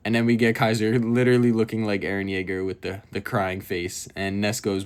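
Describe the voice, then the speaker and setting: Lively man recapping a manga chapter. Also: fairly low pitch, normal speed, clear, resonant tone. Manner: lively, amused, reading dialogue aloud.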